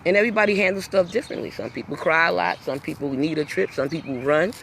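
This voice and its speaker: A woman's voice: deep voice, fast, gravelly, slight background noise. A middle-aged woman hosting her own show, talking in a rambling, emphatic, folksy way in a casual vlog. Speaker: talk show host.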